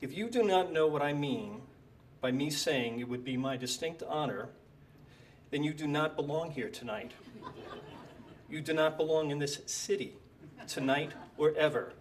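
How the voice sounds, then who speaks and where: A man reads his own tribute piece aloud at an event, dry and deadpan, landing his jokes with quiet timing. He sits a little back from the microphone in a hall, with a faint hum of room noise underneath. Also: a little high, moderate pace, long pauses, recorded from a distance. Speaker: speaker at a tribute evening. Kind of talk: reading a prepared humorous tribute. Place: lecture hall.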